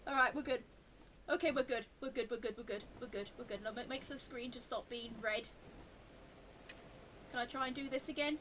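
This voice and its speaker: A woman giving chatty live commentary while she plays a video game, talking to the game and rising into flustered high squeals. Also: brisk, pauses often, fairly bright tone, slight background noise. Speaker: game streamer.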